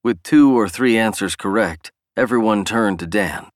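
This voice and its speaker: A man narrating a novel in a steady, even storytelling read. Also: fairly low pitch, normal speed, no room sound, studio quality. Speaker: audiobook narrator. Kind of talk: scripted narration.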